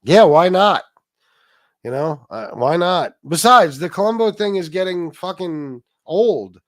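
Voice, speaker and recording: Here a livestream host talks casually with his audience, swearing freely, reading out donations, and frequently starting his sentences over. He speaks in a high, animated voice at a slightly slow pace. There's no echo, and the sound is studio quality.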